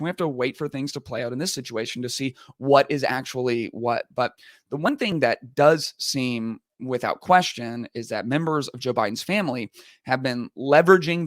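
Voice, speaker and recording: A man who hosts a podcast as a pastor talks casually about the news, loosely and with many fillers. His voice sits at an ordinary middle pitch. The sound is dry and close, with no room around it. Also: fairly bright tone, no echo. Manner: casual and conversational, many fillers, quotes both sides in mock voices. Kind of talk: podcast commentary monologue.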